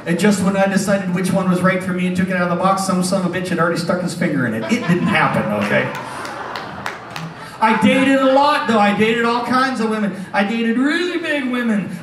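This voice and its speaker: Wisecracking high-voiced man on a casino stage. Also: expressive, brisk, a crowd in the background. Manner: wisecracking, teasing the audience, chuckles often. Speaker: stage hypnotist. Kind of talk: comedic stage banter with a live crowd. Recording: echoey hall from a distance.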